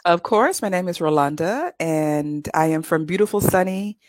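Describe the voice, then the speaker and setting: A cheerful, chatty woman from California speaks with a relaxed Californian American accent. Her voice sits on the low side, and the recording is dry and close. She talks as an English tutor being interviewed. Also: moderate pace, no room sound, rough recording. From California, USA. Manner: upbeat, chatty, laughs easily. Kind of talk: casual interview.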